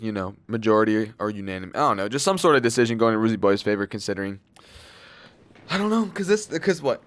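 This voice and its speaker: A man's voice: on the low side, smooth, no echo. Young man rambling casual fight picks. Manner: loose and slangy, full of fillers and swearing. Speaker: MMA fight predictions channel host.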